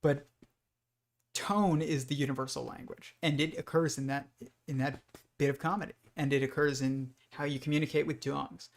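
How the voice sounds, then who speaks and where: A man's voice: a little high, level tone, normal speed, creaky. A man hosting a livestream, talking through ideas in a loose, rambling monologue full of restarts and fillers. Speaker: host.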